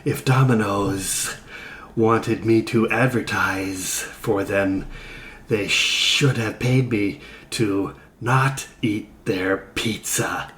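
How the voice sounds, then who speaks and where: Man reading a dry, deadpan bug celebrity, slow, echoey room with faint hiss. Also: fairly low pitch. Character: giant bug man, wry internet celebrity. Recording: roomy echo with faint noise.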